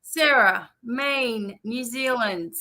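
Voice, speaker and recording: Slow-talking bright Australian woman. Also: a little high, rough recording. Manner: chatty, reads out viewer names and places, drawn-out fillers. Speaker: psychic reader hosting a live stream. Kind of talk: casual live-stream chat greeting viewers.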